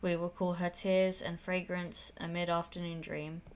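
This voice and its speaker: A woman voicing a calm, flowery funeral officiant leading rites in a game played aloud. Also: lowish voice, moderate pace, slight background noise, close to an everyday voice. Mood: solemn. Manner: solemn, flowery.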